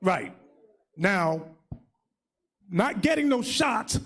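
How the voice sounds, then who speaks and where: A man leading a religious class as bishop, preaching in a loud, mocking, shouting manner. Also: high voice, lively intonation, unhurried, creaky, breathy edge. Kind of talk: fiery religious teaching.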